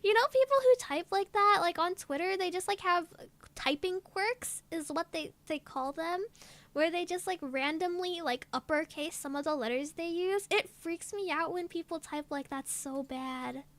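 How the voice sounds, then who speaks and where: Very high, bright-voiced giggly young woman. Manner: giggly and gushing, drawn-out exclamations. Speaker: VTuber streamer. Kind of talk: casual live-stream chat.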